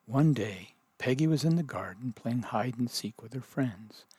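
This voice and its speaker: A man reading a children's story aloud as narrator, in gentle, measured storytelling. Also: medium pitch, breathy edge, no echo.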